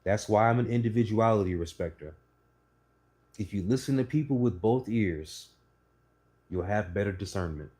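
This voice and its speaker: Guy on his couch going off, cussing, animated storytelling, warm mellow voice. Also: lowish voice, moderate pace, pauses often. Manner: blunt, profane, animated storytelling. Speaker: channel host. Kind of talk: casual opinion monologue. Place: indoors, sitting on a couch.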